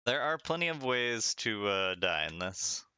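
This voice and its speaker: A man's voice: on the low side, sing-song, unhurried, bright, forceful tone, smooth, no echo. A man streaming a retro game, reading its text aloud with wry asides and frequent laughter. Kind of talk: casual game commentary.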